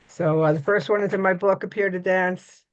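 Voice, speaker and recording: An earnest woman with a fairly low voice reads her poems aloud on a video call. She talks at a quick clip. The audio comes through dull and lo-fi, like a muffled call. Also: fairly even intonation. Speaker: poet reading at an open mic. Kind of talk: poetry reading.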